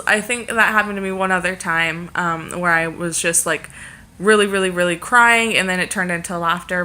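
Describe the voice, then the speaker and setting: A woman's voice: lowish voice, sharp tone. A pregnant young woman chatting casually to camera in a rambling way, with many fillers. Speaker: vlogger.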